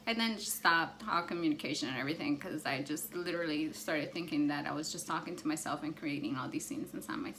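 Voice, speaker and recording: A woman vlogger telling a personal story in an animated, excitable way, full of "like". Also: fairly low pitch, slight background noise. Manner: animated, excitable, heavy use of "like".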